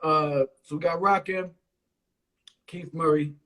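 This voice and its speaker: A man's voice: a little high, fairly even intonation, slow pace, bright, forceful tone. A man from Connecticut hosting a podcast, talking in laid-back, slangy banter during a casual interview chat. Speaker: podcast host.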